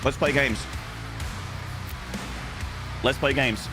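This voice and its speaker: A man's voice: medium pitch, fairly even intonation, drawn-out words, over music. A young man streaming games, greeting his chat in a playful, banter-filled way with casual swearing. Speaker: gaming streamer.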